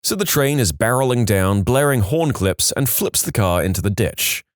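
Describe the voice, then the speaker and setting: Dry, lively storytime narrator man. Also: medium pitch, moderate pace, dry recording. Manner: wry, adds joking asides between stories. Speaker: narrator of reader-submitted stories.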